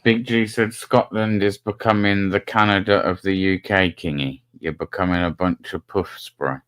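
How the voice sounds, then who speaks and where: A man's voice: sits low, steady tone, fairly bright tone, no room sound. A man who banters and teases the others in a casual panel chat. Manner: slow, teasing, mocking banter.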